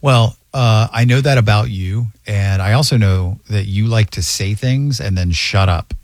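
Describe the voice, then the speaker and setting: Co-host, male, low voice, earnest and open, dry close sound. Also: unhurried, no echo. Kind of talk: casual conversation.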